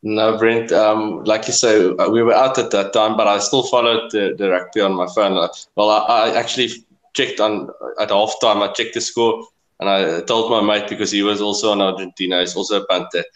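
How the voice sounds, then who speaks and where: A man's voice: on the low side, steady tone, normal speed, roomy sound, poor audio. A man speaking as a betting panelist over a remote line, hesitant and laughing now and then. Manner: hesitant, laughs while talking. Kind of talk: casual betting chat.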